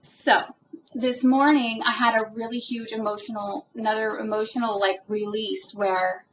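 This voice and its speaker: A woman's voice: a little high, level tone, normal speed, dull audio, a little hiss or hum. A woman giving a casual personal monologue as a spiritual vlogger, earnest and rambling and emotionally moved. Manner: earnest and rambling, with many fillers.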